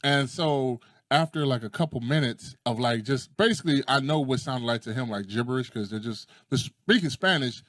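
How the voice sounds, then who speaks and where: This medium-pitched man talks at a normal speed with hardly any pauses, recorded dry and at studio quality. Chatting casually, he's an animated storyteller who acts out quotes and swears without restraint.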